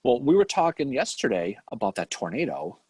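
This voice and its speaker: A middle-aged man from the Boston area, Boston accent intact, co-hosts a casual live stream and rambles through old memories. His medium-pitched voice is sing-song, brisk and a little mellow, and he swears freely and laughs often.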